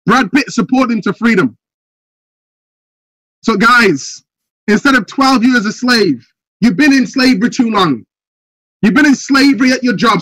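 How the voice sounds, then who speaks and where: High-pitched man preaching with rising energy. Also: no room sound, low-quality recording. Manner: preachy, fires rhetorical questions, builds to shouts. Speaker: motivational speaker. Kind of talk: motivational speech on a group video call. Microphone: video call.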